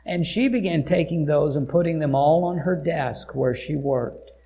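A male pastor preaches through a personal story, hesitating often and circling back over his words. His voice has a gravelly, creaky edge. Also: fairly high pitch, moderate pace, mellow, a little hiss or hum. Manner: hesitant, frequent filler sounds and restarts. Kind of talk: storytelling sermon.

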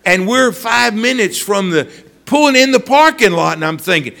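A man's voice: high voice, expressive, moderate pace, gravelly, sharp tone. A man preaching a sermon, telling stories and addressing listeners by name.

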